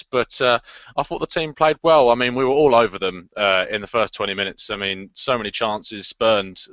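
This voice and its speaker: A man on a casual football podcast panel, giving his view haltingly with many pauses and fillers. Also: lowish voice, fairly bright tone, no room sound, lo-fi sound. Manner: hesitant, many ums and uhs.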